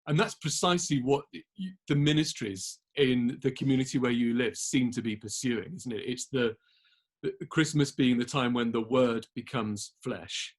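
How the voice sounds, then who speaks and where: A man interviewing a guest, asking long questions in a halting way and searching for words as he goes. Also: medium pitch. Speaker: interviewer, college chaplain.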